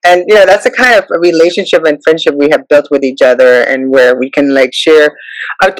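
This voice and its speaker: A male host keeps a live audio room going in a chatty way. He thanks and names his listeners one after another. His voice sits a little high and the recording is dry. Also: no echo, poor audio. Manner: chatty, name-checking, thankful.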